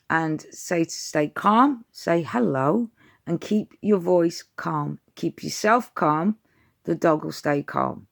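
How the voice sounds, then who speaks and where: Speaking in a lowish voice with vocal fry, this woman vlogs dog training tips. She's chatty and direct, calling her viewers "you lot."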